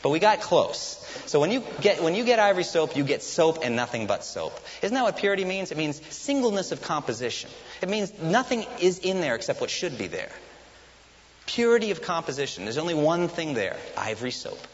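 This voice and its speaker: A man's voice: on the high side, very animated, fairly quick. A man preaching a sermon to his congregation as its pastor, putting questions to the listeners and then answering them himself. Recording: lo-fi hissy recording in a reverberant hall.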